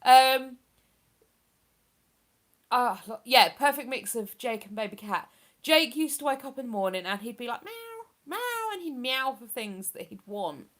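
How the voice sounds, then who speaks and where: Woman, live-stream host; slightly high, chatty, rambling delivery full of fillers. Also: a little slow, pauses often, fairly bright tone. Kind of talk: casual live-stream chat, reading viewer comments.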